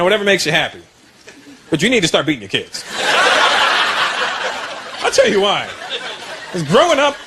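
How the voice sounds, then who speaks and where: A man from Canada doing stand-up comedy on stage, animated and conversational, over loud crowd laughter. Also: high voice, slight background noise. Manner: animated, conversational, punchline-driven.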